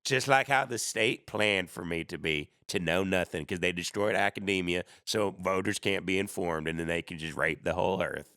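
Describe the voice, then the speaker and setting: Sarcastic comedian guy, gravelly and bright, rambling livestream rant, dry close mic. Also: low-pitched, normal speed, dry recording. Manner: sarcastic, rambling, puts on mocking voices. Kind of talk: casual comedic storytelling rant.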